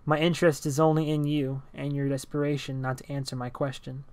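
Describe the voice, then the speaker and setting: A man voicing a thin, eerie male stranger who speaks in a calm, stilted, robotic way. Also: medium pitch, clean tone, no echo, natural voice. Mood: measured. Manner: speaks robotically, flat, measured, hushed.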